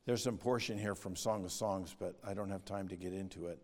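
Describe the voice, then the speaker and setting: A man preaching a sermon in a measured way, reading scripture and outline points and growing emphatic as he goes. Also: low voice. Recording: long reverb of a hall.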